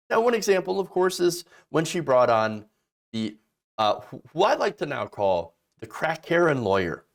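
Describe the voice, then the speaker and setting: A slightly high-voiced man hosts casual political commentary, sounding sarcastic and mocking. He slips into exaggerated voices to ridicule people.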